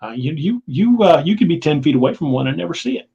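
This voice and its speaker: A man's voice: a little high, big pitch swings, quick pace, vocal fry, slightly rough. A man telling outdoor stories as a guest, rambling and repeating words. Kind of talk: casual storytelling. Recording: dull lo-fi sound.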